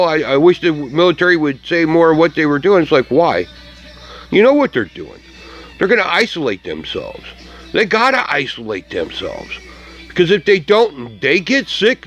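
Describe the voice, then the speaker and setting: A man's voice: high voice, fairly bright tone, dull audio. A man ranting profanely in a vlog, mocking and laughing at what he sees as things breaking down. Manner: angry, mocking, laughs often, heavy swearing. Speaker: vlogger. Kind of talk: profane rant to camera.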